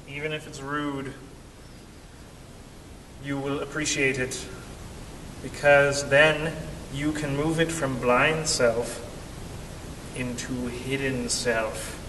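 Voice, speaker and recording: A young man telling a story in an animated way, acting out the voices of the people in it. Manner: animated, acts out quoted voices. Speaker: vlogger. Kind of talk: storytelling vlog. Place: cave. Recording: echoey cave, distant mic, faint rumble.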